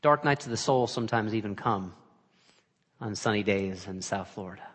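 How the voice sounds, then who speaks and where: A man's voice: on the low side, moderate pace, husky. Dramatic male preacher in a reverberant hall. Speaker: pastor. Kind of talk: sermon.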